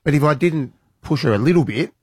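A man's voice: a little fast, breathy edge, no echo, clean studio sound. An Australian man, a radio co-host, telling a story in casual chat and acting out the voices of the people in it. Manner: animated, acts out his daughter in a high voice.

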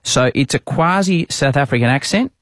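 Brief: lively Australian male host, self-mocking storyteller, dry close sound. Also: medium pitch, normal speed, dry recording. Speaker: podcast host, sports broadcaster. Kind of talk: casual storytelling chat.

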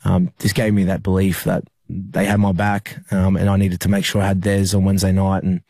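Deep flat-voiced Australian man. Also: vocal fry, breathy edge, no room sound, clean studio sound. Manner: halting, many fillers and restarts. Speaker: rugby league player. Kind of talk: emotional interview recollection.

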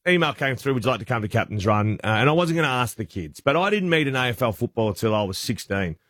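An Australian man hosting a breakfast radio show, telling rambling, chatty anecdotes with quick restarts. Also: mid-range voice, expressive, a bit bright, no room sound, clean studio sound. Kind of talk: casual radio banter, storytelling. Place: radio studio.

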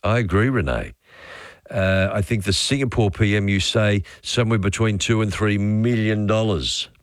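A man with an Australian accent hosting overnight talkback radio, chatty and relaxed as he reads out listener texts. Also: lowish voice, normal speed, dry recording, clean studio sound. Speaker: radio host.

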